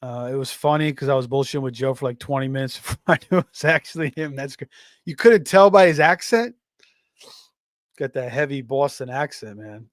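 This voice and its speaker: Reading chat messages aloud on his fantasy football livestream, this host speaks casually, restarting often and using lots of fillers. He has a fairly quick, mid-range voice with lively intonation, captured in clean studio sound with no room sound.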